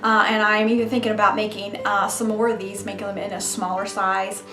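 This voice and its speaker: A woman's voice: medium pitch, little pitch movement, brisk. A woman hosting a crafts tutorial, talking in a chatty, gushing way as she demonstrates. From Mississippi, US. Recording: roomy echo with background music.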